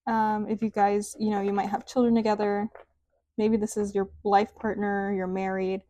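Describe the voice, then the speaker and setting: A woman's voice: medium pitch, flat delivery, moderate pace, warm tone, dry recording. Chatty woman reading tarot. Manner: chatty, rambling, says "like" often; sing-song sentence endings. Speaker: tarot reader.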